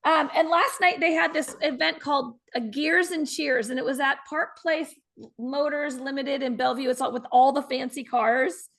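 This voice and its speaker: A woman's voice: sits high, fairly even intonation, normal speed, fairly bright tone. A woman co-hosting a casual morning podcast, bubbly and emphatic. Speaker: co-host.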